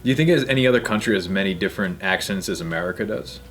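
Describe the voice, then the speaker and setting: A man's voice: deep voice, very fast, soft background music. A man from Central New Jersey with a light Central Jersey accent, explaining at length in a casual group chat. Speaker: panel guest.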